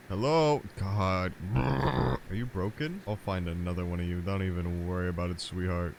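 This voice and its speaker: A young man giving crude, joking commentary over his own gameplay, brash and prone to excited outbursts. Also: low-pitched, moderate pace, slight background noise. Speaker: gaming YouTuber.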